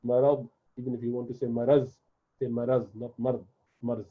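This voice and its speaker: A man's voice: mid-range voice, level tone, fairly quick, breathy edge. A man whose first language is Urdu, patiently teaching a beginner's lesson, repeating and drilling words one by one. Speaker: Arabic teacher. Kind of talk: classroom lesson explanation. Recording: tinny phone-like sound.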